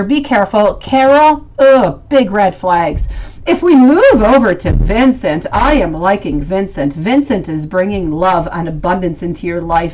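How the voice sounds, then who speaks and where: A woman with a medium-pitched, somewhat mellow voice reads tarot cards live for viewers. She's affectionate, calls them sweetie, and talks through her thoughts as she reads.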